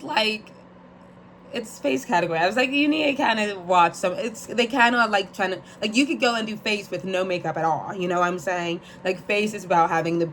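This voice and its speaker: A young woman talks straight to her phone in a sassy, rambling vlog, full of jokes and asides. Her voice sits at an ordinary middle pitch. A faint hiss runs under the recording. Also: fairly bright tone. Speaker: vlogger. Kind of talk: casual chat.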